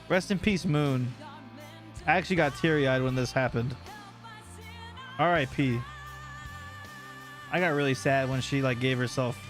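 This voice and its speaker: A young man with a slightly high voice recaps a story game for his livestream chat. He is casual, animated, and joking as he comments on what happened.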